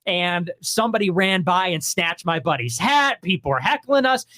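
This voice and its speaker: A man's voice: sits high, lively intonation, normal speed, sharp tone, dry recording, studio quality. A man in his twenties, a podcast guest, telling stories in casual chat with a wry, laughing manner. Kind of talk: casual storytelling in conversation.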